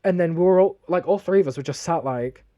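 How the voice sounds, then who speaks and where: In a laid-back podcast he co-hosts, a young man from northern England tells a story bluntly, swearing a lot, in his Northern English accent. He speaks fast in a mellow voice that leans high.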